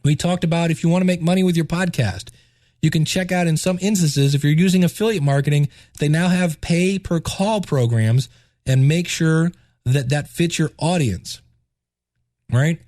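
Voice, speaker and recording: Enthusiastic male podcast host and teacher, congested, higher register, dry sound. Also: normal speed, dry recording. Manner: enthusiastic, repeats words when excited. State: stuffed up, congested. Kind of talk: casual solo podcast talk.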